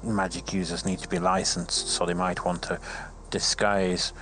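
A hammy adventurer with a thick put-on German accent, as a man doing the voice at a tabletop game plays him. His voice sits very low and gives advice in a matter-of-fact way. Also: level tone, moderate pace, music in the background, natural voice. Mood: advising. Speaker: player.

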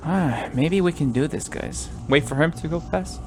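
A man commentating a horror game let's play, jumpy and easily startled, swinging between loud yelps and quiet muttering. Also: a little high, normal speed, hardly any pauses, over music. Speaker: gaming YouTuber.

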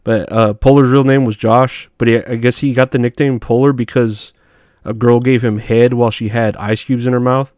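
A man spins loose, profanity-laced stories in an offhand monologue, laughing at his own punchlines. His voice comes across smooth and clean, with a dry, close sound and no room around it. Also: medium pitch, fairly even intonation, moderate pace, darkish tone, no room sound. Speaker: podcast host. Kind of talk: casual storytelling monologue.

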